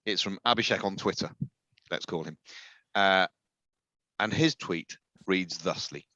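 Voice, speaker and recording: A low-voiced man co-hosting a casual chat, dry and sardonic, often chuckling. The sound is close and dry but a little dull and muffled. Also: a little slow, pauses often, pushed and bright, no echo. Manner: dry, sardonic, laughs while reading tweets. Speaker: podcast co-host.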